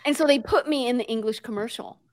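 Brief: American woman guest, animated conversational storyteller, uses lots of fillers. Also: on the high side, fast talker. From United States. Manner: lively, many fillers, mixes in Spanish words.

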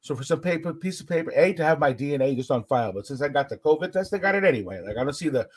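An American man in casual chat, telling animated stories, acting out the people he quotes and swearing freely. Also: on the high side, very fast, slightly rough. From United States.

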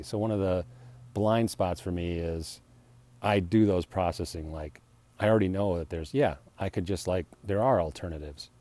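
Man, solo podcaster. Very low, warm voice. Rambling, self-deprecating, quick to laugh at himself. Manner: acts out heated retorts, laughs often. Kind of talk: rambling personal reflection.

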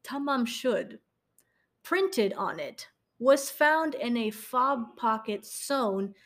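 A woman's voice: fairly high pitch, expressive, slow, fairly bright tone. Giggly young woman recapping a case. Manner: giggly, stumbles and corrects herself, many ums. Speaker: podcast co-host. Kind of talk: casual true-crime storytelling.

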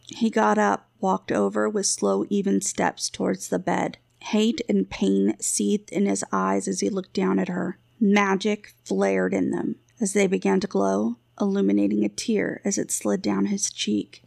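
A woman reads a fantasy novel aloud in an even, steady way. Her voice is strongly gravelly with a lot of fry, and the recording is close and completely dry. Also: mid-range voice, unhurried, few pauses, no room sound. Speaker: audiobook narrator. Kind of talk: scripted fantasy narration.

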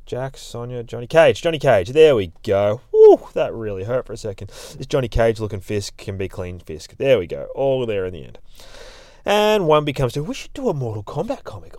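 A man's voice: medium pitch, no room sound, studio quality. A man, hosting a show and recapping a comic in a rambling, heavily profane, casual way. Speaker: comic review host.

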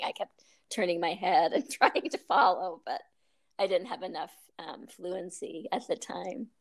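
A woman's voice: on the low side, normal speed. A woman yoga teacher telling stories in a casual interview, chatty, laughing often, with many ums and restarts.

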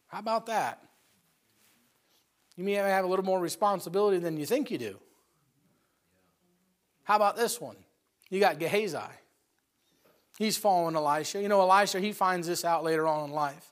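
Guy preaching a sermon, pretty high voice, folksy storytelling, acts out the characters. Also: a bit bright.

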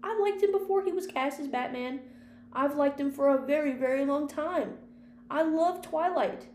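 A woman's voice: sits high, moderate pace, darkish tone. A woman hosting a casual, unscripted podcast, rambling chattily about movies and swearing freely. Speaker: podcast host and film critic. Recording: echoey room with faint hum.

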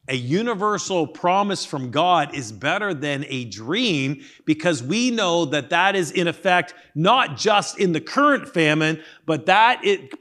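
A man's voice: on the high side, fairly bright tone. A man preaching a sermon as pastor, emphatic, asking rhetorical questions and reading scripture aloud.

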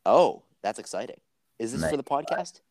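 A man's voice: mid-range voice, animated, normal speed, vocal fry, darkish tone, dry recording. A young man in casual podcast chat, teasing and quizzing his friend.

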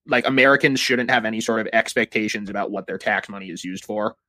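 A man's voice: fairly low pitch, fast, pushed and bright. A man in casual political chat, heated and profane, leaning on lots of filler words.

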